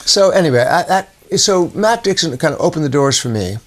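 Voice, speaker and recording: An older man, a theater artistic director, chatting eagerly in an interview and telling stories with quick restarts. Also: fairly high pitch, expressive. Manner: storytelling, enthusiastic, quick with restarts. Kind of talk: casual interview talk.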